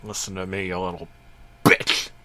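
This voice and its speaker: A man voicing a foul-mouthed, furious cartoon boy genius who yells curses. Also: deep voice, flat delivery, moderate pace, a little hiss or hum. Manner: yelling curses.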